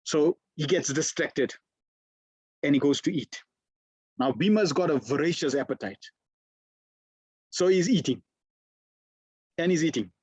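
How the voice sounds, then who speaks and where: Husky man telling a sermon story. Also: a little high, darkish tone, no echo. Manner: conversational, many fillers. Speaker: spiritual teacher.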